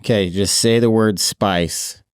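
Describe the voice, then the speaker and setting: A man's voice: fairly low pitch, fairly even intonation, a little slow, clear, resonant tone, dry recording, studio quality. A man hosting a podcast, chatting in a laid-back way and laughing often. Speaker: podcast host. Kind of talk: casual chat.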